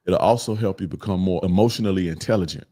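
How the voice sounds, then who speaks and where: A man's voice: low-pitched, fast, warm tone. A man giving direct, urging advice in casual talk.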